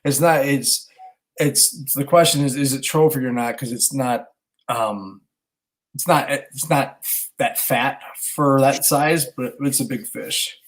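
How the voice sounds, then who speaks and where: Dad telling a fishing story. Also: male voice, mid-range voice, slow pace. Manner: animated storyteller, swears casually, acts out dialogue. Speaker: podcast co-host, stay-at-home dad. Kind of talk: casual chat, storytelling.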